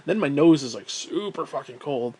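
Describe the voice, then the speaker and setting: A man's voice: on the high side, expressive, normal speed, darkish tone, breathy edge. A man telling a rambling story in a casual monologue, swearing often, exasperated and mocking himself, with frequent sighs. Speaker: vlogger.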